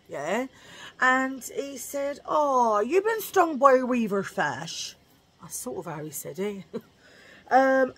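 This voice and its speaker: A woman's voice: a little high, a bit bright, husky. A woman vlogger telling a rambling story in a chatty, jokey way, laughing at her own remarks.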